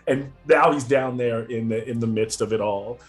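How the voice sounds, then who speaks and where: A man's voice: medium pitch, normal speed, soft background music. A man narrating a tabletop game as game master, rambling with many fillers and frequent chuckles.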